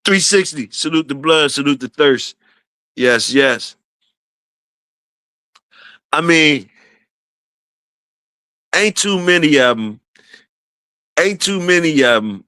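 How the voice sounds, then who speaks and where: A man hosting a casual livestream, shouting out viewers and repeating his phrases. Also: on the high side, expressive, slow, long pauses, clean tone, dry recording, clean studio sound. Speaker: livestream host.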